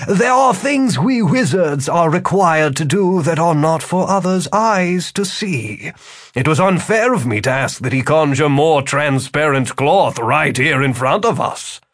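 A man's voice: fairly high pitch, animated, a little slow, pitched above the performer's own voice. A man voicing a courtly, theatrical con-man wizard in an audiobook, silkily persuasive. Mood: silky. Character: smooth-talking male con-man wizard.

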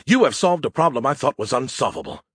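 A man's voice: medium pitch, lively intonation, a little fast, fairly bright tone, slightly rough, no room sound, studio quality. A man voicing a smug, insulting male alien AI who mocks humans with sarcastic bragging. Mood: amazed. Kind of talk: audiobook character voice.

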